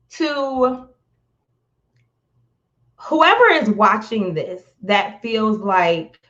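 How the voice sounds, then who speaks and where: A woman talking slowly and with feeling on a live stream, close to tears at times and repeating words as she reaches for them. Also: medium pitch, fairly bright tone, lo-fi sound. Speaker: motivational speaker on a live stream. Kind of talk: heartfelt live-stream talk.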